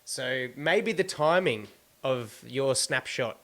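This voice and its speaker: Easygoing Australian podcast host. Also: male voice, mid-range voice, animated, takes it slowly, fairly bright tone. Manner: easygoing, runs through team news plainly. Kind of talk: casual sports podcast chat.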